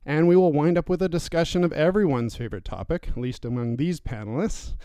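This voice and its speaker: A man hosting a political podcast from a newsroom studio, introducing guests with lively, jokey asides. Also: fairly high pitch, fairly quick, clean tone, dry recording. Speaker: podcast host.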